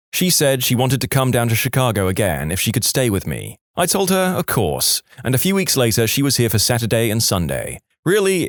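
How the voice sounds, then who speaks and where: A man narrating listener stories in a lively voice that rises and falls a lot. He is recorded close to the mic, with a dry sound and no room echo. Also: mid-range voice. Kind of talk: scripted narration.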